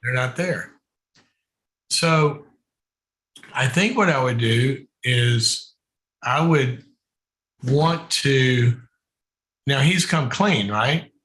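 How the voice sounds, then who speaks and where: A man's voice: mid-range voice, extremely slow, long pauses, a bit bright, low-quality recording. A man hosting a live call-in advice show who gives counsel in a thoughtful, emphatic way and often repeats words while he builds a point.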